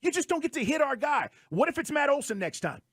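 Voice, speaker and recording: A high-voiced man co-hosts a sports talk radio show, pressing his points hard and asking rhetorical questions one after another. He is recorded close on a studio mic with a bone-dry, deadened sound and no room echo. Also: very animated, fast talker, a bit bright.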